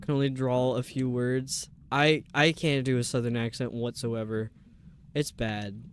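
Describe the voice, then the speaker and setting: A man's voice: mid-range voice, fairly even intonation, measured pace, a little hiss or hum. A man live-streaming a video game, rambling to his viewers as he puzzles over the level. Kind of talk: casual live-stream chat while gaming.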